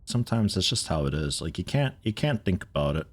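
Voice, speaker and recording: Laid-back male streamer with lively pitch. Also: a little fast, slightly rough. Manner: rambling, laid-back, swearing, chuckling. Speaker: streamer playing a video game. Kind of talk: casual let's play commentary.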